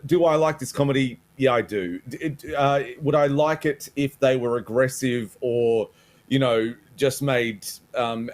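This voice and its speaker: A man co-hosting a panel talk show, speaking hesitantly, stammering and sighing as he searches for words. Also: mid-range voice. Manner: hesitant, stammering, restarts often with sighs. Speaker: co-host. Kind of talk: opinionated panel discussion.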